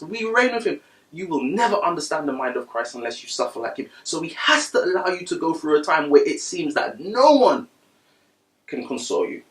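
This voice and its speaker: A man preaching a sermon, reading scripture quietly and then rising to loud, high-pitched bursts of passion. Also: sing-song, normal speed, reverberant, recorded from a distance, poor audio.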